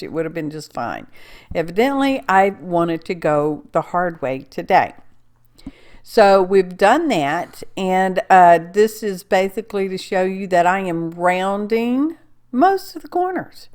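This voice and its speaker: A woman giving a casual, folksy craft tutorial, chatting and rambling as she works and often checking in with "okay?". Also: mid-range voice. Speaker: card-making crafter.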